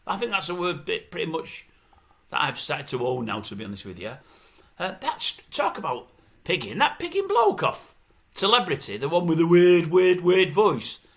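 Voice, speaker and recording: A man's voice: a little high, sing-song, normal speed. A man ranting casually about showbiz news. He grumbles and mimics other people's voices. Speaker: showbiz commentary vlogger. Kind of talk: casual opinionated rant.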